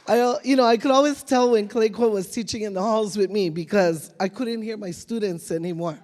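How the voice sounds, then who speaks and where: A man's voice: high-pitched, moderate pace, darkish tone. A man, an organizer, heartfelt and a little emotional as he thanks the speaker and announces a break. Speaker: event organizer. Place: large hall. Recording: long hall reverb.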